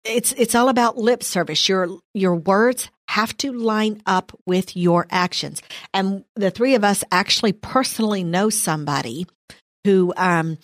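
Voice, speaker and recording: A woman's voice: medium pitch, unhurried, dry recording, studio quality. A woman co-hosting a faith podcast, wry and emphatic. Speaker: podcast co-host. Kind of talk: casual Bible discussion.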